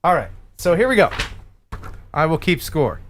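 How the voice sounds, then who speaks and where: A man's voice: a little high, sing-song, normal speed. A man hosting a live stream, upbeat and jokey, running a game for his guests. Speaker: host. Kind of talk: casual live-stream chat.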